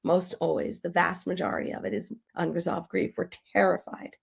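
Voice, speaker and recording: A woman talking on a podcast as a grief expert, her voice carrying a gravelly, fried edge. She speaks with emphatic energy and slips into little acted-out voices to make her points. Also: fairly low pitch, brisk. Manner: animated, emphatic, acts out quoted voices. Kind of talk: podcast interview.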